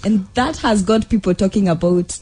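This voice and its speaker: Female radio co-host, husky, chatty gossip reporter. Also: mid-range voice, normal speed, warm tone. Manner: reports stories with fillers, mixes in Swahili. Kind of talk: gossip news chat.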